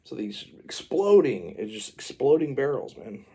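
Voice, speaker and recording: A man's voice: mid-range voice, sing-song, normal speed, gravelly, mellow, breathy edge. A man telling his baby a rambling, improvised story, full of fillers and asides.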